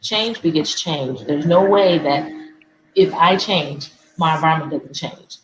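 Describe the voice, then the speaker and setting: A woman's voice: low voice, a little slow, roomy sound, a little hiss or hum, rough recording. A woman hosting a talk show, speaking emphatically and repeating key phrases. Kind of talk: casual talk show conversation.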